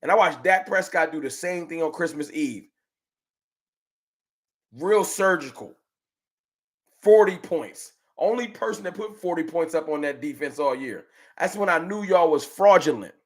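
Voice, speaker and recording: Trash-talking man hosting a sports livestream. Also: fairly high pitch. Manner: animated trash talk, slangy, drawn-out rants. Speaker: sports fan livestream host. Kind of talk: casual livestream chat reading super chats.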